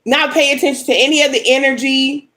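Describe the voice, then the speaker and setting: A young adult woman reading tarot on a casual livestream speaks fast in a high, steady, fairly bright voice over poor audio. Upset and angry, she vents bluntly at commenters with lots of swearing.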